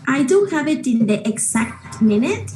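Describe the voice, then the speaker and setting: A woman teaching an English class, patient and slow, repeating words and checking with the students. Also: high voice, sing-song, music in the background. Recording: roomy classroom echo.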